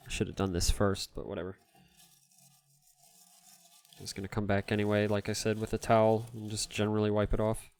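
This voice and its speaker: Low-voiced man rambling on a stream. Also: monotone, fairly quick, long pauses, darkish tone, smooth, faint music behind. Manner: rambling, self-deprecating, laughs often. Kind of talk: casual live-stream chat while cleaning a console.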